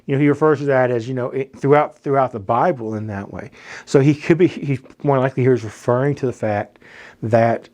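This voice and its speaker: A youth pastor with a Southern American accent talks through a Bible passage like a chat with teenagers. He speaks at a middle pitch, loose and informal, and stumbles and restarts as he thinks aloud. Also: brisk, a little mellow. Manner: conversational, many restarts and repeated words. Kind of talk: casual Bible teaching.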